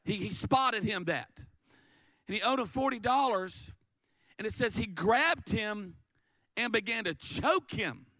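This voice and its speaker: A man preaching a sermon, animated and lively, often stammering and repeating words as he acts out the story. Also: high-pitched, unhurried, dry recording. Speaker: pastor.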